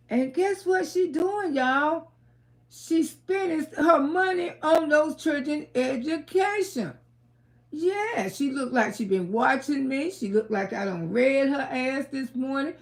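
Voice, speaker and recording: High-voiced blunt woman. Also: creaky. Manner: blunt and profane, scolding. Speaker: livestream host. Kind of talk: casual livestream commentary.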